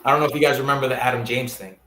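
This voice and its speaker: A man in his thirties from Hawaii, a football coach telling stories as a guest on a casual interview podcast and lively acting out the people he quotes. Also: mid-range voice, racing, background noise. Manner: animated storyteller who acts out quoted people. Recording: roomy echo.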